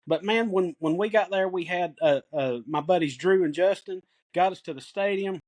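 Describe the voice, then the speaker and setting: A middle-aged man with a Tennessee accent, co-hosting a sports podcast and telling excited, folksy stories in casual chat. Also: high voice, normal speed. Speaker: podcast co-host.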